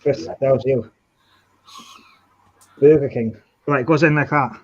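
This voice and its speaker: A man's voice: mid-range voice, unhurried, a little mellow, slightly rough, muffled recording. A man hosting a live model-building stream, chatting casually and teasing his friends. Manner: joking, teasing, mumbles to himself. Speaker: model-building livestream host.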